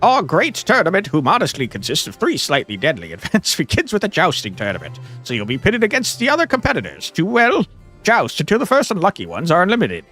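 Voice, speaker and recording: A man's voice: fairly high pitch, wildly swooping pitch, fast talker, bright, forceful tone, faint music behind, heavily acted. A man reading out a pompous, long-winded male count in a video game, in a grandiose, overly formal manner. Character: pompous verbose male count, fawning herald. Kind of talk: reading game dialogue aloud.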